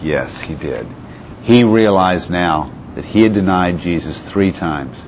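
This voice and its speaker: A man's voice: sits low, animated, unhurried. A man preaching a sermon who reads scripture passages aloud and puts rhetorical questions to his listeners. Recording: slightly muffled with faint background hiss.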